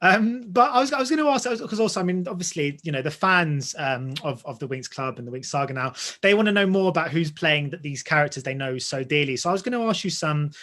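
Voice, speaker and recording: A male interviewer asks questions with quick enthusiasm. He talks fast, in a fairly high voice. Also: animated, sharp tone. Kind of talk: entertainment interview.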